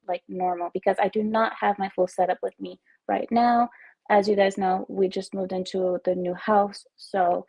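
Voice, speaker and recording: A woman's voice: mid-range voice, a little mellow, husky, low-quality recording. A woman from Texas, hosting a casual livestream from home on wireless earbuds, chatting and giggling as she reads viewer comments. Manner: chatty, giggly, self-teasing. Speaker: livestream host.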